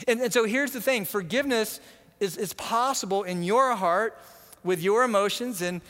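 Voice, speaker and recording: A man preaching a sermon as pastor, animated, acting out quoted voices and often repeating words as he goes. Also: high voice, moderate pace, in a large hall.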